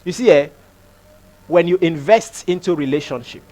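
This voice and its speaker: A man's voice: fairly high pitch, expressive, normal speed, dark tone, soft background music. A male pastor, preaching a sermon emphatically, repeating phrases and asking rhetorical questions.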